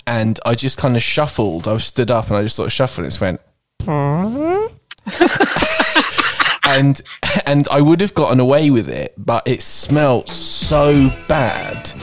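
A podcast co-host tells a story in casual chat, unhurried and laughing between phrases. The voice swoops across a very wide pitch range while faint music plays underneath. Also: very animated.

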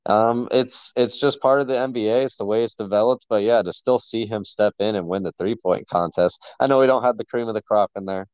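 Low-voiced man in casual sports chat. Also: brisk, few pauses, a little mellow, clear, resonant tone, dry recording, low-quality recording. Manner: enthusiastic, rambling with many fillers. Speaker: sports podcast co-host.

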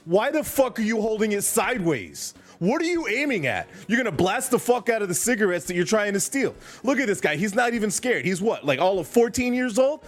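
A man's voice: sits high, very animated, brisk, hardly any pauses. A man voicing a profane, bossy ghost of an ex-convict who lectures a young robber. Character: gruff male ghost ex-con convenience store regular.

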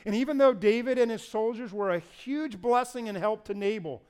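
High-voiced man preaching with energy. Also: normal speed, clear, resonant tone. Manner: animated preaching, asks the congregation to repeat words. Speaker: pastor. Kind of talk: sermon.

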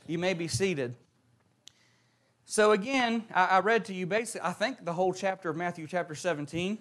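A young preacher with a high voice delivers a sermon. He reads scripture and prays in a hushed way, then tells stories with mounting emphasis. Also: fairly quick. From West Virginia.

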